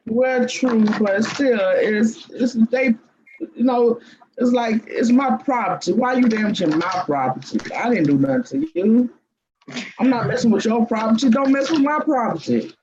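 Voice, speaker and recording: A host in casual chat, talking in a relaxed, rambling way with many restarts. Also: mid-range voice, moderate pace. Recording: dull lo-fi recording with faint hiss.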